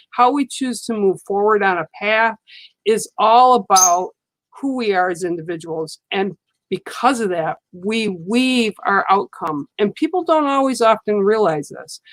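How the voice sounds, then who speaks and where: A woman giving a live card reading to viewers, speaking in a slow, soothing and reassuring way, often checking in with "okay?". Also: medium pitch, dry recording, rough recording. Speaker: psychic card reader on a livestream. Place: studio.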